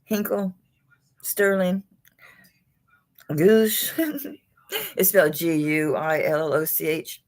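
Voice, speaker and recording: A woman's voice: sits low, steady tone, a little slow. A woman hosting a live jewelry auction stream, chatting casually, chuckling and talking to the pieces she holds.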